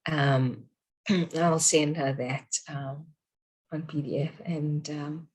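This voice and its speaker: Low-voiced woman, hesitant. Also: fairly even intonation, slow pace, a little mellow, husky, low-quality recording. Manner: hesitant, many ums and self-corrections. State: morning voice. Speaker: class participant sharing news. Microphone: video call.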